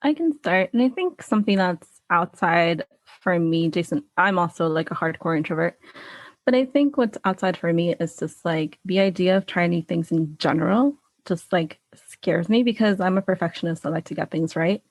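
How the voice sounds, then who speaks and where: Female coach guest, gravelly and chatty, dry close sound. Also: fairly low pitch, lively intonation, normal speed, dry recording. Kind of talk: casual interview chat.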